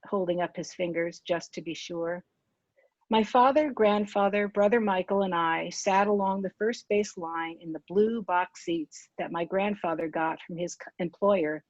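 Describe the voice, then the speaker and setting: Lady in her 60s reading her memoir out loud, calm and steady, dry dullish recording. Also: lowish voice, dry recording, lo-fi sound. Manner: measured, unhurried reading with small self-corrections. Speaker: author.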